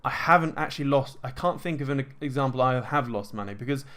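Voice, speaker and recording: A man talking casually and at length in an energetic, self-assured way, full of fillers and restarts. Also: mid-range voice, quick pace. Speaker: host answering viewer questions. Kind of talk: casual monologue.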